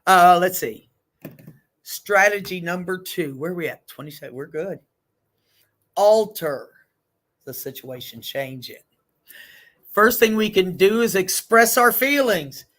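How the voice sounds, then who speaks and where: A woman leading a group session on stress, talking frankly and in a lively way, with blunt asides. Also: fairly low pitch, a little slow, long pauses. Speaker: group facilitator.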